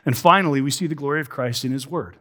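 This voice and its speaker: A man preaching a sermon, posing rhetorical questions and slowing down to stress key words. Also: medium pitch, fairly bright tone.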